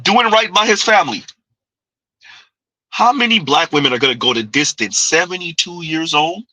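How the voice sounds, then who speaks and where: A man's voice: a little high, lively intonation, moderate pace, pushed and bright, no room sound, poor audio. A man hosting a reaction commentary, needling and rhetorical, often tossing in a teasing "huh?". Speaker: commentary channel host.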